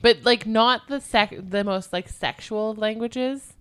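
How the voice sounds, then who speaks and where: A woman's voice: a little high, slow, smooth. A woman co-hosting a podcast, telling a ghost story in loose, chatty talk with swearing and giggly asides.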